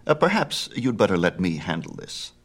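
A man's voice: low-pitched, big pitch swings, normal speed. A male reader voicing a clever, mischievous infant god who drives sly, mock-polite bargains in a storybook myth. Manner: impish, wheedling, mock-polite.

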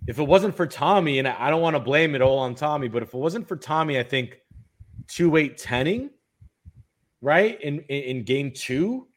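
A man co-hosting a casual sports talk show, animated and emphatic, tagging points with "right?" and "okay?". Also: fairly high pitch, moderate pace. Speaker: co-host of a bowling talk show.

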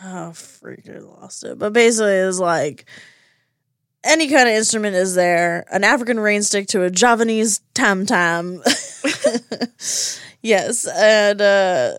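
Animated woman podcast host, dry studio sound. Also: medium pitch, a little slow, clean tone, no room sound. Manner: animated, acts out characters' lines, swears casually. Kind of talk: casual episode recap. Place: recording studio.

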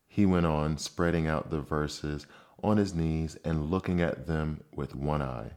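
A man narrating a storybook in a calm, measured way. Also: rumbling low. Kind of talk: storybook reading.

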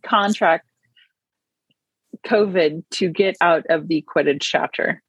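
A woman's voice: fairly low pitch, slow, breathy edge, no room sound, rough recording. A woman co-hosting a podcast in casual chat, teasing her co-host, swearing freely and laughing a lot.

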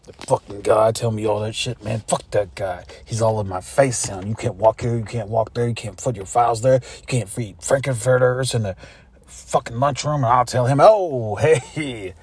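A man playing a bitter middle-aged office worker who grumbles low and swears crudely under his breath. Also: normal speed, darkish tone, close to an everyday voice. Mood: seething. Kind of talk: comedy sketch monologue.

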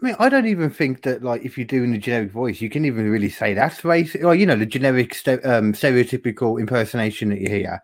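A man's voice: mid-range voice, lively intonation, fast talker, few pauses, no room sound. A man who performs improv, chatting in an easygoing, agreeable way with some hesitant fillers. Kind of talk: casual chat.

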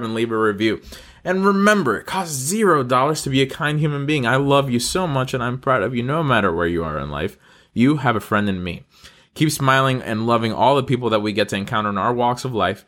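A man's voice: medium pitch, fairly bright tone. A man hosting an upbeat good-news podcast, talking in an earnest, encouraging and affectionate way to his listeners. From North Carolina. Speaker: podcast host.

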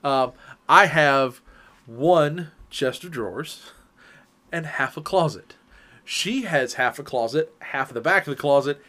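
A man tells stories in a casual co-host chat, animated and teasing. His voice sits slightly high for a man. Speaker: podcast co-host.

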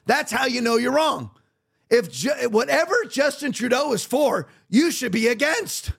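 High-voiced man ranting as podcast host. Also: vocal fry, fairly bright tone. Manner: heated, sarcastic, repetitive. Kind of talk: ranting political commentary.

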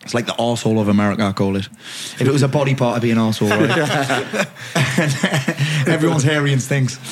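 A man's voice: medium pitch, brisk, noisy background. A middle-aged man with a Geordie accent, telling a story as a podcast guest in a jokey, self-mocking way with plenty of swearing. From North East England. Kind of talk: animated storytelling.

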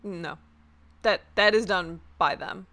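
A woman's voice: fairly low pitch, slow, pushed and bright. A woman co-hosting a podcast who talks in a matter-of-fact way and reads out ratings. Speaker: podcast co-host. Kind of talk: casual chat.

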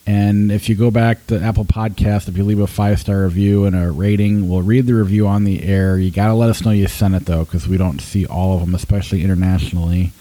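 A man's voice: sits low, fairly even intonation, brisk, few pauses, warm tone, no room sound, low-quality recording. A man hosting a movie review podcast, chatting loosely, laughing at his own slips and running through the show's plugs. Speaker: podcast host. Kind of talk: casual podcast chat.

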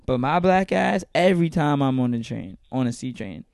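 A man's voice: mid-range voice, very animated, normal speed, gravelly, darkish tone, dry recording, clean studio sound. A young man ranting profanely in a casual podcast chat, full of mock quotes. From New York. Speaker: podcast host.

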